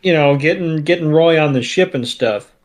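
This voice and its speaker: A man's voice: a little high, moderate pace. A man co-hosting a podcast, chatting casually with wry, joking remarks. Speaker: podcast co-host. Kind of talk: casual chat.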